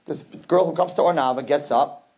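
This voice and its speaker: A man as a rabbi giving a lively sermon to young women, emphatic, with joking asides and words he repeats as he starts a point. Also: a little high, fairly quick, vocal fry, a little hiss or hum.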